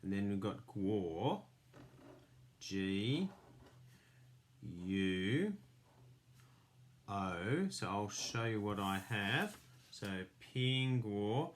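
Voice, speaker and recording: Teacher guy walking little kids thru a craft, lively up and down voice. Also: fairly low pitch, very slow, pauses often, a little hiss or hum. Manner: patient, step-by-step instructions. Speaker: primary school teacher. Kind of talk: children's craft lesson.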